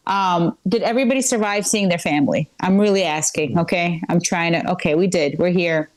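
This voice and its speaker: A woman's voice: fairly low pitch, brisk, rough recording. Rambling, self-deprecating woman comedian. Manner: rambling, self-deprecating, lots of fillers and restarts. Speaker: stand-up comedian. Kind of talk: live stand-up set. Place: comedy club stage.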